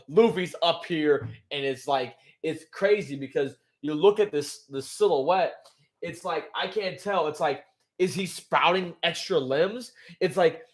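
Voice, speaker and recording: A man's voice: a little high, fairly bright tone. A man hosting a live stream, casually recapping a manga chapter in a rambling way, full of fillers and "bro". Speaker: livestream host.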